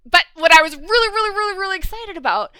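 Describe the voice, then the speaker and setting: High, bright-voiced ranting woman. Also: fast, dry recording, poor audio. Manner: animated, ranting, swears freely. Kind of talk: casual chat.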